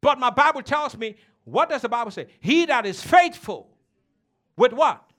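A man's voice: extremely high pitch, very animated, moderate pace, a bit bright. A man preaching a sermon as a pastor, emphatic and teasing, calling on the congregation to respond.

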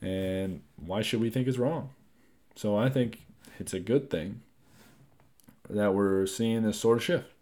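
A young man hosting his own podcast, chatting loosely and rambling, with frequent swearing and lively asides. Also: fairly low pitch, slow pace, pauses often. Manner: rambling, profane, animated asides. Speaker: podcast host. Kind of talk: casual solo podcast chat.

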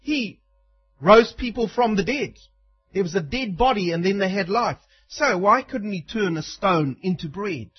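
A man's voice: sits high, expressive, unhurried, husky, dull audio. A man preaching a sermon in an emphatic way, acting out the quoted lines.

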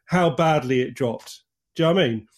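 A man's voice: a little high, brisk. A man speaking as an academic guest, analytical and full of "kind of" fillers. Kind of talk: analytical discussion.

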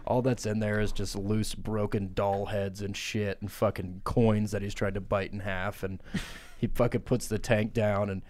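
A man's voice: on the low side, level tone, normal speed, darkish tone. A man co-hosting a comedy podcast, sassy and teasing as he narrates an improvised silly story. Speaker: podcast co-host.

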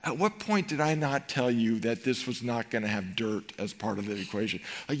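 A middle-aged man preaching a sermon in a church, animated and rhetorical, swinging between loud emphasis and quiet tenderness. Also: mid-range voice, moderate pace, hardly any pauses. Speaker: pastor. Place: church sanctuary.

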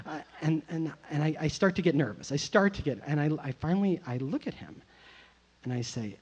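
An adult with a medium-pitched, animated voice, slightly mellow and a bit rough, tells a personal tale live at normal speed. The story rambles and pokes fun at the teller, peppered with "you know" and "like." The recording is muffled and lo-fi.

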